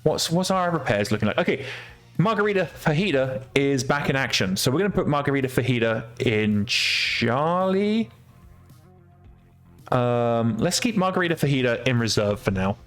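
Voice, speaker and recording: A man's voice: mid-range voice, sing-song, moderate pace, faint music behind. A man streaming a video game, chatting casually, swearing freely and laughing at his own mistakes. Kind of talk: casual let's-play commentary.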